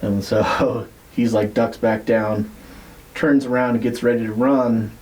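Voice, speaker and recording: A man on a podcast telling a story in a casual, rambling way, swearing freely and filling pauses with "like" and "uh". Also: fairly low pitch, steady tone, a little mellow, low-quality recording. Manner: rambling, profane, many fillers. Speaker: podcast co-host.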